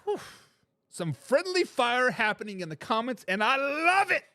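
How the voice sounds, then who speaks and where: Man, sports talk host, casual live chat, lively swooping pitch, dry close sound, jokey. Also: moderate pace, no echo. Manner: animated, jokey, reads viewer comments aloud and laughs often.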